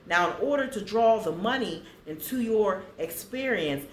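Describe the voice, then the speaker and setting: A woman vlogger casually talking to viewers and slowly reading affirmations aloud so they can write them down. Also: medium pitch, animated, echoey room, slight background noise. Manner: slow, deliberate reading for viewers to copy.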